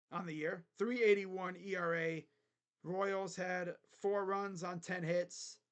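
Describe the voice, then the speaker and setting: A man's voice: sits high, a bit bright. A man hosting a casual sports livestream, grumbling and sarcastic, swearing offhandedly at a desk microphone.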